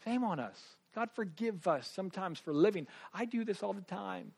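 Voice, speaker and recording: A man preaching a sermon, animated and conversational, swinging between loud bursts and hushed asides, with quick rushed remarks. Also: sits high, creaky, husky. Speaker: pastor.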